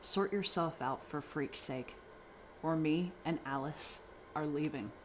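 A man's voice: a little high, takes it slowly, slight background noise. A man voicing an arrogant mother caught up in a cult in a read-aloud horror story. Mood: smug. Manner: cold, arrogant, preachy. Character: cult-brainwashed mother, adult woman, smug.

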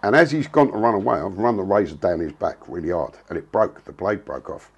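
A man's voice: low voice, brisk, slightly rough, muffled recording. A man, telling a story in a blunt, casual way, full of slang and swearing. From England. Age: 60s. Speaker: interviewee.

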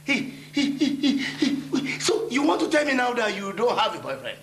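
A man's voice: sits high, wildly swooping pitch, fast, slight background noise, heavily acted. A man playing a cruel, mocking drunken stepfather who bullies and laughs scornfully. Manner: taunting, bullying, laughing scornfully. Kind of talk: film drama acting. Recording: echoey room with loud music.

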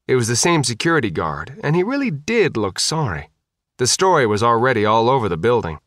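Male audiobook narrator, lively pitch, dry studio sound. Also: fairly quick, no room sound.

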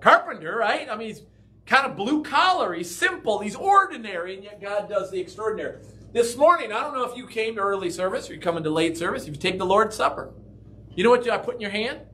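A man's voice: sits high, animated, fast talker, sharp tone, a little hiss or hum. A man preaching a conversational sermon as pastor in a church, often asking the congregation questions.

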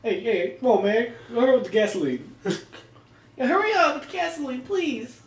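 A man's voice: very high-pitched, animated, normal speed, recorded from a distance. A young man dubbing a movie scene as a panicky, easily scared guy lost in the woods, talking in a whiny, shrieky way. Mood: impatient, whiny. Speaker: amateur fan dubber. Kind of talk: goofy amateur movie dub. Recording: echoey room recording.

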